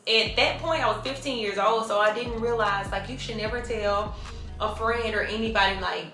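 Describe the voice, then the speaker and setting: A woman's voice: on the high side, moderate pace, pushed and bright, reverberant, faint music behind. A woman, telling stories in a blunt, profane, conversational Q&A vlog. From Mobile, Alabama, US. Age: 20s. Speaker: vlogger. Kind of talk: casual Q&A storytelling.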